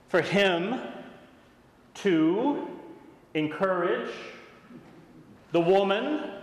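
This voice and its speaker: A man preaching an expository sermon, emphatic and animated, often asking his listeners questions. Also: medium pitch, big-room sound.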